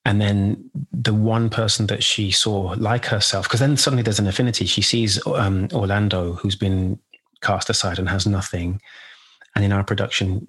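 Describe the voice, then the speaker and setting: A man being interviewed as a guest actor, telling a story in a halting, reflective way and acting out the quotes. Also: lowish voice, fairly even intonation, fairly bright tone, slightly rough.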